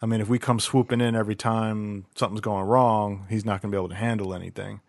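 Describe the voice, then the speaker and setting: A low-voiced man talks reflectively in a casual chat, restarting his sentences as he thinks aloud. The sound is dry and close. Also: little pitch movement, fast, creaky, no room sound. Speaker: podcast co-host, parent.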